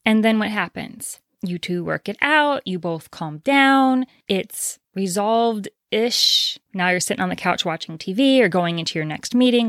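A woman's voice: medium pitch, dry recording, studio quality. A woman hosting a solo advice podcast, explaining her points directly and asking rhetorical questions. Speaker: podcast host.

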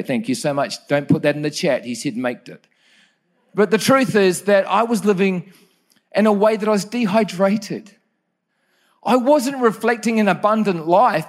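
Brief: earnest male preacher, high-pitched, personal and conversational sermon delivery. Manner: earnest, personal storytelling with self-correcting asides. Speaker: pastor.

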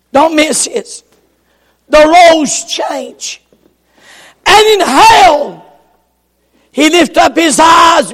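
A man preaching a sermon, shouting in impassioned bursts and repeating his phrases for emphasis. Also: very high voice. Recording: echoey church hall with long reverb.

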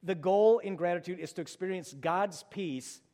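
Middle-aged man, pastor, sermon, slightly high voice, storytelling then urgent, long church reverb. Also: moderate pace, warm tone. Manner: conversational storytelling, rising to urgent exhortation.

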